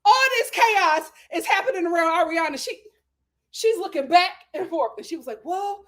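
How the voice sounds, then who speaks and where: A high-voiced woman hosting a YouTube show gives a gossipy, dramatic reality-show recap at normal speed. Her storytelling is animated and full of laughter, playful slang and sass.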